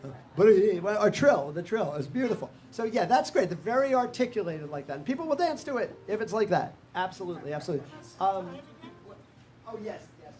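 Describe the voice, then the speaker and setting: A man's voice: high voice, animated, brisk, a little mellow, a little hiss or hum. An older man leading a live music workshop. He talks casually, sings melodies in nonsense syllables, counts the players in and laughs often. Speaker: workshop leader.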